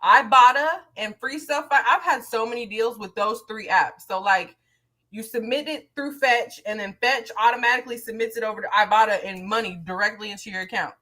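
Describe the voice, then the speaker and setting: Young adult woman, podcast co-host, chatty, eager, slightly high, bright. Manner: chatty, eager, quick asides. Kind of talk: casual chat.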